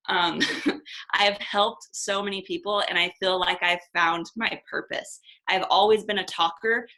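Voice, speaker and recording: This guest coach, a woman in her twenties, speaks over a low-quality video call recording with a voice that rings brightly but sits on the low side and carries some gravel. Her manner is relaxed, candid, blunt and talkative, with an occasional offhand curse.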